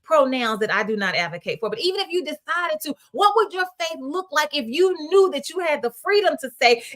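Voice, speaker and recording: A woman's voice: sits high, sing-song, brisk, hardly any pauses, a bit bright. A woman reverend and host preaching conversationally on a Bible passage, emphatic and colloquial, firing off rhetorical questions. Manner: colloquial, with repeated restarts.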